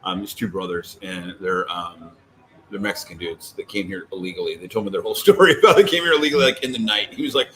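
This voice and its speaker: A man's voice: on the low side, fast. Rambling man telling stories casually. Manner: rambling, animated storytelling with many fillers. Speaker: co-host. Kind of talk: casual chat.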